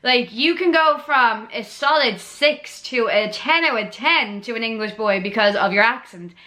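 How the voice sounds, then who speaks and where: A woman's voice: on the high side, expressive, moderate pace, sharp tone. A young woman with a Dublin Irish accent in her twenties, chatting casually to camera, blunt and sweary, with lots of "like" and "um". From Ireland. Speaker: vlogger answering viewer assumptions.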